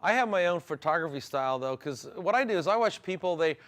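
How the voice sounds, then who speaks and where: A man's voice: on the high side, expressive, fast talker, a bit bright. A man hosting a live product stream, telling folksy stories in an enthusiastic, casual way. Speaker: car detailing product host.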